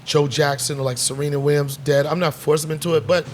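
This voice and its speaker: Talking fast in a fairly high voice over slight background noise, a middle-aged man holds forth as a comedian guest on a bar set. His stories are lively and casual, full of acted-out voices and free-flowing profanity.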